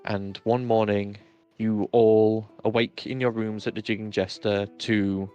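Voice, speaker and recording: A man running a tabletop game as its game master. He narrates in an easygoing way, with small fillers and quick self-corrections, and soft music plays behind him. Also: on the low side, flat delivery, clean tone, highs cut off.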